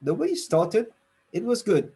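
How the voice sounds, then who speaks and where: A man's voice: sits high, very animated, mellow, husky. Man giving an encouraging speech evaluation. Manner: structured, encouraging, with emphatic pauses. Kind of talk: online club speech evaluation. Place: home room, speaking over a video call.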